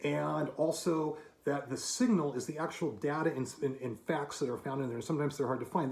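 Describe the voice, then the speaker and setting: A man's voice: a little high, a little mellow. Emphatic man in his fifties, echoey room. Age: 50s. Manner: emphatic, argumentative, rhetorical asides. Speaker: commentator. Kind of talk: monologue to camera.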